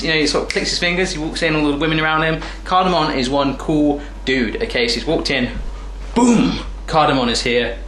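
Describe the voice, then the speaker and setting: A man's voice: on the high side, fairly bright tone. An English man with an English accent, chatting and joking with viewers during a casual cooking demonstration in his home kitchen. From England. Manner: chatty, jokey, talks to viewers while cooking. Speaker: cooking vlogger. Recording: echoey kitchen with frying noise. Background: sizzling frying pan.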